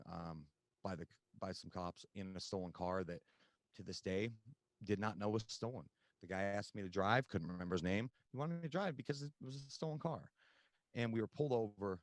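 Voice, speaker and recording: Male guest, low voice, dry close sound, candid storyteller full of ums. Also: no room sound. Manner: candid, conversational storytelling with many fillers. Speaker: podcast guest. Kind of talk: personal recovery story.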